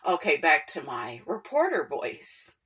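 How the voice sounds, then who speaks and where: A woman's voice: sits low, unhurried, slightly rough. Sassy woman hosting a gossip vlog. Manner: sassy, animated, full of asides and laughter. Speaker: commentary channel host.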